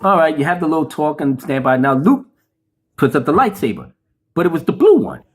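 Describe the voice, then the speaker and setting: A man doing a profane, animated film review rant, cursing freely and acting out the scenes he describes. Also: on the high side, a little fast. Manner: animated, swears a lot, acts out scenes. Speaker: movie reviewer.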